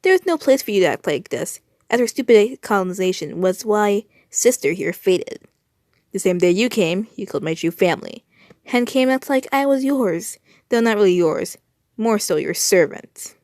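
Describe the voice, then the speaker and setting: A woman doing a put-on American accent, hostile young nation character, slightly louder, dry sound. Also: medium pitch, lively intonation, moderate pace, dry recording, close to an everyday voice. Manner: bitter, hostile. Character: angry young nation personified, defiant. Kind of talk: reading fanfiction aloud.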